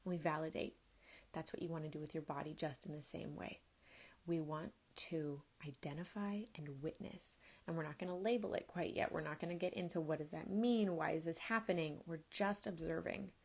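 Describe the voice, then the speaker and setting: Woman, somatics coach, gentle and unhurried, low pitch with a gravelly edge, live-stream teaching. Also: steady tone.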